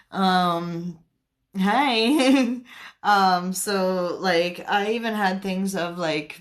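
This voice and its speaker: Speaking in a lowish voice, a young woman from Canada runs a spiritual livestream. She's giggly and scattered, chatting casually and responding to what her viewers comment.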